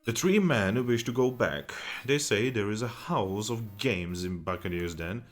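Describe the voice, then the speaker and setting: A man's voice: lowish voice, animated, measured pace, faint music behind. A man voicing a proud old-fashioned shipwright. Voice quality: archaic formal speech.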